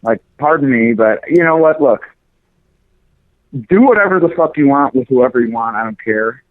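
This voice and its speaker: A man's voice: mid-range voice, expressive, normal speed, no room sound. A man co-hosting a talk show, ranting in crude, profane, mocking casual banter. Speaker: podcast co-host. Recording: dry, phone-like narrow sound.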